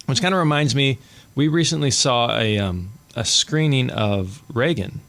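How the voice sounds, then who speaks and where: A man hosting a podcast in relaxed, casual chat, joking and laughing often. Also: mid-range voice, moderate pace, creaky. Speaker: podcast host.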